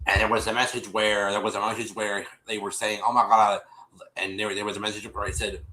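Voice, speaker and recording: A man's voice: lowish voice, little pitch movement, a little fast, pushed and bright, low-quality recording. A man hosting a stream, casually retelling a TV episode to his viewers, rambling with many restarts and calling them y'all. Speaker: show host recapping an episode. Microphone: streaming setup microphone.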